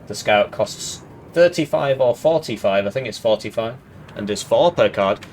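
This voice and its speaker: A man's voice: mid-range voice, expressive, normal speed, darkish tone, slight background noise. A man casually commenting on a strategy game match, thinking aloud and drifting into side tangents.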